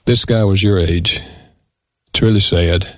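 Deep-voiced older man, earnest storyteller. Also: fairly even intonation, measured pace, no echo, clean studio sound. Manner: earnest, candid, emotional. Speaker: guest. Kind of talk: reflective personal storytelling.

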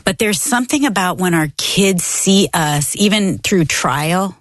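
Encouraging woman co-host, low pitch. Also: expressive, unhurried, dry recording, clean studio sound. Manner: encouraging, quotes scripture. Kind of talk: casual podcast chat.

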